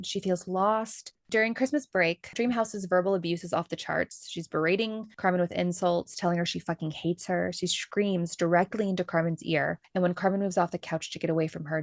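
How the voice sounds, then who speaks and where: This woman has a fairly low voice and hosts a book-discussion podcast. She reads quoted passages slowly and softly, then sums up the story in plain talk. Her sound is close and dry. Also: vocal fry, dry recording. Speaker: podcast host.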